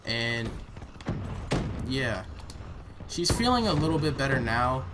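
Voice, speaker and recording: A man's voice: mid-range voice, sing-song, slow pace. A young man telling a heated, profane story about a bad day in a casual vlog while he plays a game. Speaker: vlogger. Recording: noisy home recording.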